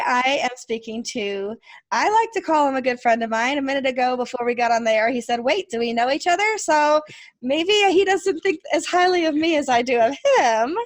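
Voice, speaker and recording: A woman's voice: high voice, dry recording, clean studio sound. A woman from Rochester, New York with a Rochester accent, hosting a casual interview podcast and laughing often. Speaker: podcast host.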